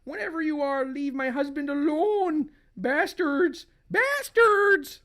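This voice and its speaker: A man reading aloud and voicing a frightened wife in a shrill, melodramatic falsetto. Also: wildly swooping pitch, a little slow, creaky, a bit bright, heavily acted. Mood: frantic.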